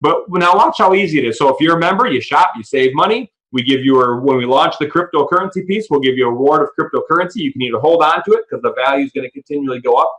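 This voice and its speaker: A man presenting a business opportunity on a call, excitedly telling stories and acting out the dialogue. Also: on the high side, rough recording. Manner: excited storyteller, acts out quoted dialogue; talks fast, restarts sentences when fired up. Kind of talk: animated sales pitch on a call. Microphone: audio call.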